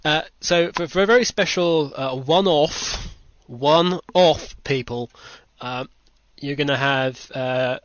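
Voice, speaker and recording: A man's voice: fairly high pitch, takes it slowly, hardly any pauses, fairly bright tone, dry recording. A British man hosting a podcast in casual chat, rambling with dry self-mocking asides. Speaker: podcast host. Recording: dull lo-fi home recording.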